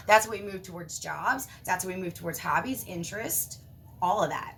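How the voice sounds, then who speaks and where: A woman giving a casual spiritual monologue, animated and emphatic, swearing casually. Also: mid-range voice, a little fast, slight background noise. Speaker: spiritual vlogger.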